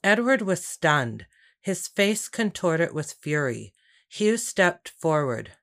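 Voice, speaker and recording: A woman narrating a historical tale as scripted storybook narration, measured and even. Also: lowish voice, vocal fry.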